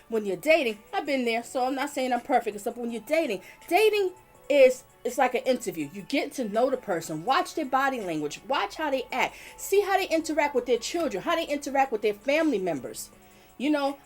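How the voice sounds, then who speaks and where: High-voiced woman, blunt livestream host, cusses a lot, answers chat. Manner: blunt, swears, talks to chat. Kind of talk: casual livestream talk.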